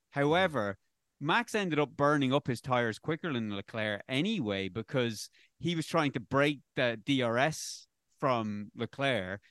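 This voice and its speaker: A man's voice: fairly low pitch, fairly bright tone, clean tone, no echo, clean studio sound. A man in casual sports discussion, rambling and correcting himself as he argues his opinion.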